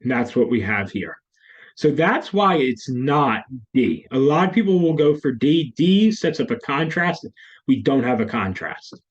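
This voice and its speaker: A man's voice: medium pitch, very animated, unhurried, breathy edge, dull audio. A male test prep teacher explaining grammar questions in a recorded lesson, repeating key terms as he goes. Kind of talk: screen-recorded lesson walkthrough.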